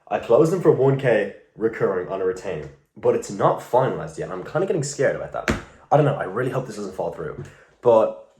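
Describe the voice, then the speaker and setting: A young man talking casually in a vlog, rambling, swearing often and poking fun at himself. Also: on the low side. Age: young adult. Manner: rambling, profane, self-mocking. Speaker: vlogger.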